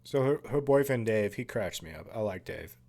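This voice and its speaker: A man's voice: on the low side, animated, moderate pace, darkish tone. A man hosting a casual movie commentary, laid-back and chatty, often laughing and swearing casually. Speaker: podcast host.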